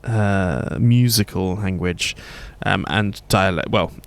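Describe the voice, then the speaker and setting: A let's play host narrates his own game playthrough over game music, chatting and rambling and often correcting himself. His voice is low-pitched with vocal fry, and he takes his time.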